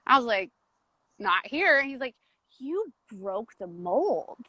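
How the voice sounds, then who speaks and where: A woman's voice: a little high, big pitch swings, pushed and bright, slightly rough, dry recording, low-quality recording. A woman guest talking openly and emotionally about her personal change, in a chatty style full of "like"s. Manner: open, emotional, fast storytelling with many "like"s. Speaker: coaching client, guest. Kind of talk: casual interview chat.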